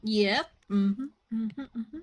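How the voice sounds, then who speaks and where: A woman streamer with a slightly high voice chats casually on a live broadcast. She tells stories with lively enthusiasm, laughing often and dropping the occasional swear word. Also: extremely slow.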